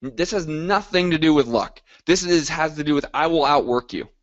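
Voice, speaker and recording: A man's voice: a little high, normal speed, dull audio. A man hosting a live group coaching call, talking in an upbeat, motivational way and reacting to listeners by name.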